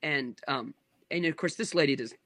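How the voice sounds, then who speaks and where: A man in his thirties, a pastor, telling stories in casual conversation, rambling with quick asides and restarts. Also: a little high, pushed and bright, no room sound.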